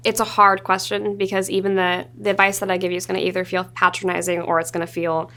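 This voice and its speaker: A woman's voice: medium pitch, fast. A woman in her twenties, a guest in a studio interview, chatting casually and acting out little quotes as she tells stories. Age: 20s. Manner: animated storytelling with acted-out quotes. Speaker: actress guest.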